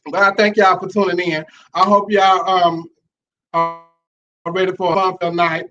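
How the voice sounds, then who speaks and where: A man from Louisiana hosting a casual live-stream talk show, sassy and animated, greeting viewers as child and honey. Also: high voice, moderate pace, lo-fi sound, over music. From Monroe, Louisiana.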